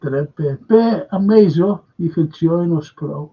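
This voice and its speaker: Unhurried and husky, an older man's slightly high voice reads viewers' comments aloud on a live fan stream, replying in a chatty way. The recording has a dull, lo-fi stream quality.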